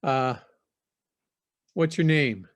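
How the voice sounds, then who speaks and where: A man voicing a calm gang leader in a suit, placating and probing. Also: medium pitch, drawn-out words.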